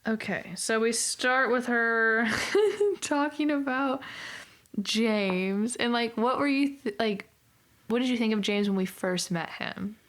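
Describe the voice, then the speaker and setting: A young woman hosting a casual book club podcast, bubbly and quick to laugh, with lots of "like". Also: on the high side, lively intonation. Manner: bubbly, laughs often, says "like" a lot.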